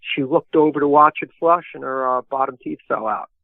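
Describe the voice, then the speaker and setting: A man's voice: medium pitch, fairly quick, vocal fry, no echo. Guy rambling thru his stories w lots of ums, sounds like a tinny phone line, dry. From New York area. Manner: rambling, anecdotal, many fillers. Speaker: historian and author, guest. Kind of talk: casual storytelling interview.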